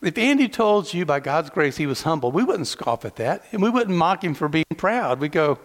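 A man's voice: fairly high pitch, very animated, brisk, hardly any pauses, in a large hall. A man from the southeastern United States preaching a sermon to his congregation, mixing teasing asides with rhetorical questions. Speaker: pastor. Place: large church hall.

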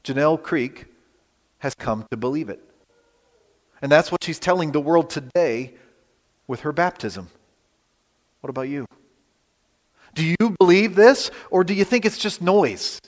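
A man with a Western Pennsylvania accent preaches to his congregation in a high, lively voice, full of rhetorical questions and dramatic pauses. His voice rings with the long reverb of a church hall. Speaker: pastor. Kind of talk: sermon. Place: church sanctuary.

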